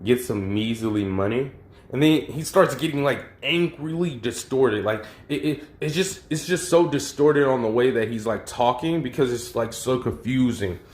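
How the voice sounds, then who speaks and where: A man's voice: medium pitch, moderate pace, few pauses, darkish tone. A man casually retelling a fan story, rambling with lots of fillers and crude slang. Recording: roomy echo.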